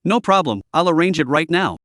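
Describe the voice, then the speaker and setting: Man, story recap narration, steady even delivery, slightly high voice, dry close sound. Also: a little fast, no echo.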